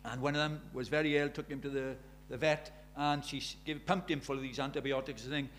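A man's voice: mid-range voice, flat delivery, brisk, a bit bright, slight background noise. A man preaching a sermon, telling stories in a conversational way and building to urgent emphasis.

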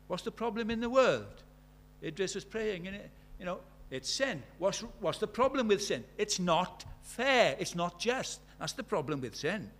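This sermon comes from a middle-aged British man whose slightly raised voice is a little high, animated and fairly bright, at normal speed. He narrates stories, voicing their characters' dialogue, and follows up with pointed rhetorical questions for his audience.

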